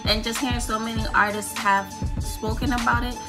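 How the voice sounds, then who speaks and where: A woman's voice: a little high, flat delivery, brisk. A woman vlogging her opinionated music review, talking emphatically, repeating lines for effect and swearing casually.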